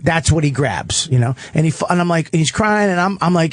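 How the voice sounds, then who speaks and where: A man's voice: on the high side, lively intonation, a little fast, no room sound, clean studio sound. A man on a radio show, a comedian talking in casual banter, rambling and profane. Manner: profane, rambling and self-interrupting. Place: radio studio.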